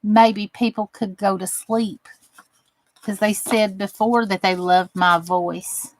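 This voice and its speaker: A Southern US woman talks slowly to viewers of her craft channel as she works. Her mid-range voice is fairly even, and she's chatty and warm-hearted, drawling with folksy phrases. The audio is low-quality, with no room sound.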